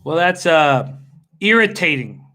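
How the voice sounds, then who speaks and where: A man's voice: a little high, big pitch swings, a little slow, bright, forceful tone. A man streaming live horse race betting, talking to his chat and muttering curses when his horse fails. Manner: frustrated, swearing, muttering to himself.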